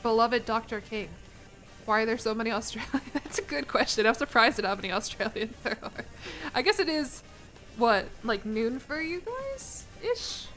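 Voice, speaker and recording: A young American woman rambles playfully to her chat while she plays a strategy game. Her voice sits a little high. Faint music plays underneath. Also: lively intonation, normal speed, fairly bright tone. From United States. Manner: rambling, playful, laughs between lines. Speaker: streamer. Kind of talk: casual game-stream chat.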